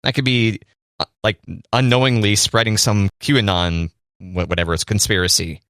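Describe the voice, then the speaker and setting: A man's voice: fairly low pitch, fairly even intonation, normal speed, a bit bright, clean tone, dry recording, clean studio sound. A man co-hosting a casual podcast chat, joking and speaking directly to the listeners. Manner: playful, addresses listeners directly. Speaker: podcast co-host. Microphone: studio microphone.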